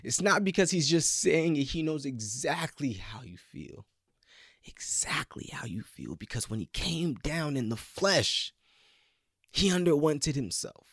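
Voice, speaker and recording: Male preacher, gravelly and fairly high, pleads loudly then drops to whispers, dry close sound. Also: lively intonation, measured pace, dry recording. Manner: impassioned, swings from loud pleading to hushed whispers. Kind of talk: sermon.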